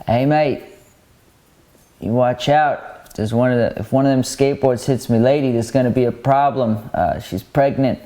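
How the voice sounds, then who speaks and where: A man voicing a big, menacing man, talking in a gruff, threatening way. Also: medium pitch, normal speed, warm tone, lightly acted.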